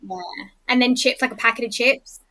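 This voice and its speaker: Aussie lady guest, chatty, bright voice, laughs a lot. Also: on the high side, steady tone, brisk, low-quality recording. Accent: Australian. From Australia. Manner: chatty, laughs while telling stories. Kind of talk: casual chat.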